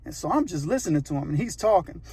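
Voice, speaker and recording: A man's voice: a little high, expressive, quick pace, warm tone, husky. A man telling a true story in a casual, conversational way, often checking in with the listener.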